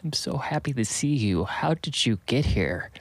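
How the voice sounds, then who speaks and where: A man voicing a soft-spoken, sarcastic young woman in a story he narrates. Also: medium pitch, measured pace, vocal fry, no room sound.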